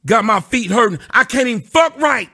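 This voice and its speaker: High, bright-voiced man ranting comically. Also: animated, moderate pace. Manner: profane, sing-song and mocking. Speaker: comedian. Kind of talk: comic rant with sung bits.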